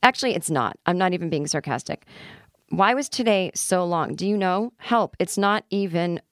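A candid, self-deprecating woman with a lowish voice talks through a casual solo podcast, laughing now and then. She sounds middle-aged. Her voice is close to the mic in a dry, dead room with no echo. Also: animated, normal speed. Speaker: podcast host.

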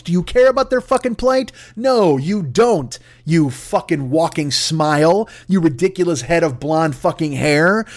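A man hosting a podcast, ranting angrily and sarcastically with heavy swearing. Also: a little high. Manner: angry, sarcastic, swearing heavily. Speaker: podcast host. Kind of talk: profane comedic rant.

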